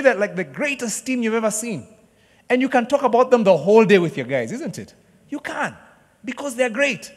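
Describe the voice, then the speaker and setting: A man preaching a sermon to a church congregation, joking with the crowd and acting out excited sports fans. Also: sits high. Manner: lively, jokes with the congregation, acts out excited fans. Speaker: pastor. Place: church hall. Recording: long hall reverb.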